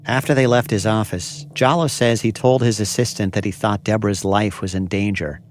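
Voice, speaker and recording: Measured male podcast narrator. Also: lowish voice, fairly even intonation, slight background noise. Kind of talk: scripted narration.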